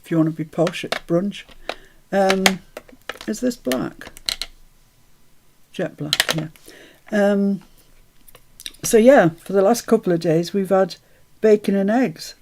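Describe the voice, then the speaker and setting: Woman chatting while she crafts, gravelly voice. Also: medium pitch, takes it slowly, long pauses, a little hiss or hum. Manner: chatty, greets viewers brightly, mutters to herself while working. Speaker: craft livestream host. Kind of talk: casual live chat while crafting.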